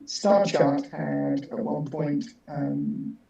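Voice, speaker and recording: A man co-hosting a podcast, chatting in a relaxed, friendly way. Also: on the high side, drawn-out words, gravelly, highs cut off. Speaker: podcast co-host. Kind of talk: casual chat. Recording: echoey room, distant mic.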